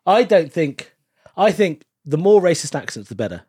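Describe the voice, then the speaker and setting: A man, a stand-up comedian, chatting casually as a podcast guest and telling stories in a lively way. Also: fairly high pitch, normal speed, slight background noise. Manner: animated storytelling with frequent laughs.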